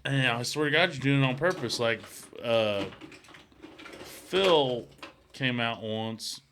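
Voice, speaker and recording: A man's voice: mid-range voice, expressive, takes it slowly, a bit bright, slight background noise. A man telling rambling, swear-heavy stories and laughing through them in a casual chat. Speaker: podcast co-host.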